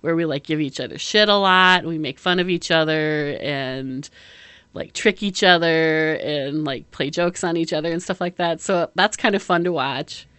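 A woman chats casually as a podcast co-host, her voice sitting a little low. She rambles, piles on fillers and laughs often. The sound is dry and close. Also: moderate pace, a bit bright, clear, resonant tone, no room sound. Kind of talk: casual chat.

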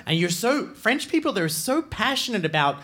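A man co-hosting a live comedy podcast on stage, telling stories quickly and laughing often. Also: high voice. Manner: animated, laughing, quick storytelling. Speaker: podcast co-host. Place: stage before a live audience.

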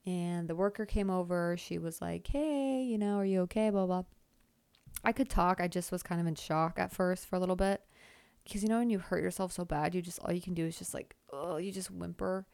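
A woman's voice: lowish voice, steady tone, a little fast, gravelly, darkish tone, clean tone, no echo. A young woman hosting her own podcast, telling a rambling, chatty story full of fillers and self-deprecating jokes. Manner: lots of filler "like". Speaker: podcast host. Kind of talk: casual storytelling monologue.

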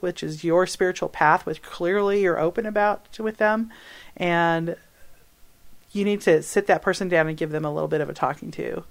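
A woman hosting an advice podcast, answering a listener's question in an animated, emphatic way, laughing and correcting herself as she goes. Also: lowish voice.

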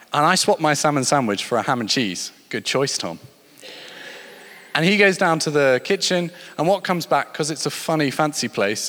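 A man's voice: mid-range voice, fairly bright tone. Man, preacher, sermon, storytelling delivery, long hall reverb. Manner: storytelling, rising and falling with emphasis.

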